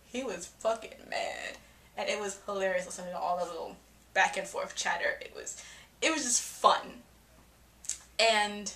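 A young woman giving a casual, profane movie reaction vlog, excitable and acting out her reactions. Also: medium pitch, normal speed. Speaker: film reviewer. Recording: echoey room.

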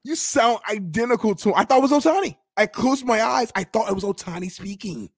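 A man's voice: high voice, animated, fairly quick, dry recording, studio quality. A man voicing his own brother as a fawning, overly polite guest who gushes with praise. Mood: gushing.

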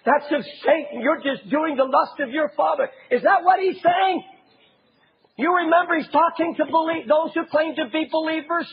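A man preaching an impassioned sermon as a pastor, often raising his voice to a shout. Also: very high voice, moderate pace, creaky, highs cut off.

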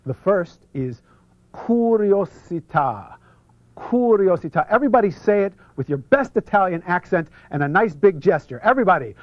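Energetic man leading a seminar, slightly high. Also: a little fast, hardly any pauses, dry recording. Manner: energetic, stretching out foreign words for the audience to repeat; drops to a hush for some passages. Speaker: seminar presenter. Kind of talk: instructional seminar talk leading audience repetition. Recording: muffled lo-fi video recording.

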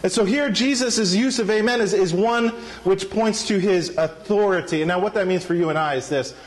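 A man preaches from the pulpit with an emphatic, rising delivery and a notably high voice. He now and then calls on the congregation to answer back. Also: normal speed, hardly any pauses. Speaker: pastor. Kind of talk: sermon. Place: church sanctuary.

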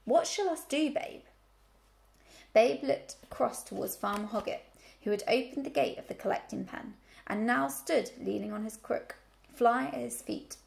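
A woman teacher reading a children's book aloud, telling the story clearly and expressively. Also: a little high, moderate pace.

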